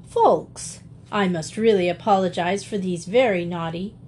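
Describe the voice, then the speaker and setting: A woman voicing a stern but kindly middle-aged father in an audiobook reading, brisk and gently reproving. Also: fairly low pitch, a little hiss or hum, natural voice.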